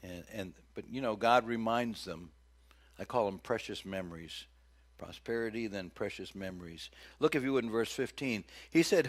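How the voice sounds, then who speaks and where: A middle-aged man preaching a sermon as pastor, folksy and joking, with big loud swings when he acts out cries. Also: fairly low pitch, expressive, normal speed.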